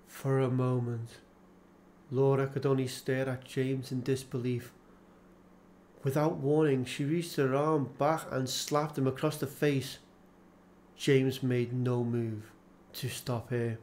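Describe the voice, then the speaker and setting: A man reading an audiobook aloud, unhurried and deliberate, with a solemn, measured delivery. His pitch sits in a middle register, and a faint hiss lies under the voice. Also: flat delivery, a little mellow. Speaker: audiobook narrator. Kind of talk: scripted audiobook narration.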